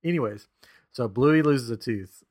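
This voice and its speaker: A man in his thirties chats casually as a podcast co-host, his voice sitting at an ordinary middle pitch. He tells a story with lively energy, chuckling often and switching into quick impressions for the quotes. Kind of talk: casual chat.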